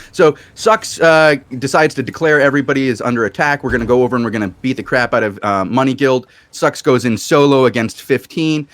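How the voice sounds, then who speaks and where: A man tells an animated story from a gaming session in casual chat. His voice sits at a middling pitch. The mic sound is dry and close. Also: dry recording.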